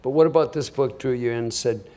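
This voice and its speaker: A man hosts a press Q&A, asking loose, chatty questions with an easy humor. His voice sits at a middle pitch. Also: quick pace, warm tone. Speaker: interviewer.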